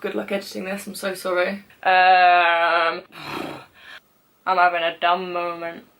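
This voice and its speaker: A woman's voice: fairly low pitch, monotone, a little slow, fairly bright tone, slight background noise. A young woman with a British accent, rambling and giggling through casual vlog outtakes, often mocking herself. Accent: British English. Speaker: vlogger.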